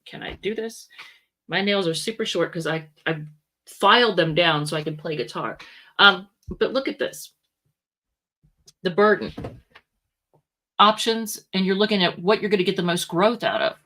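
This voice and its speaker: A tarot reader gives a casual, rambling reading in a fairly low, fairly bright voice at normal speed, pausing often. She's chatty, tossing in asides and frequently stopping to correct herself.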